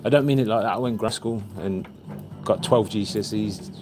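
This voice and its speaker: A man's voice: fairly low pitch, fairly quick, music in the background. A man, a tailor and shirtmaker, chatting casually and telling a rambling story with many fillers. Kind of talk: casual chat.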